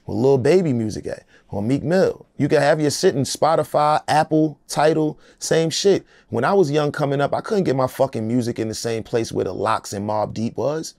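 A man's voice: medium pitch, vocal fry, a little mellow, no echo. A middle-aged American man, a rapper in an interview, talking in a loose, emphatic, streetwise way. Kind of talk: casual interview talk.

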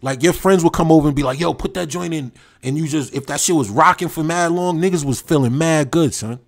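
A man hosting a livestream, reminiscing in animated, slang-heavy casual chat and talking straight to his viewers. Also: a little high, brisk. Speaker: livestream host.

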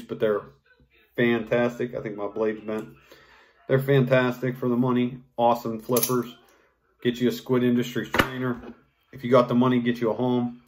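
A man ranting in an unscripted vlog, swearing freely and rambling with restarts, growing louder and higher as he gets worked up. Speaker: knife hobbyist vlogger.

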